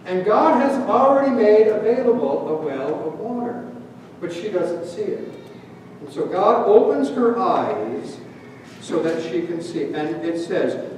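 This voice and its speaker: A man's voice: sits high, sing-song, unhurried, a little mellow. A man, a pastor, giving a sermon from Canada, telling stories and asking the congregation questions. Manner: storytelling, asks the congregation questions. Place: church sanctuary. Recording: echoey hall from far off, faint hum.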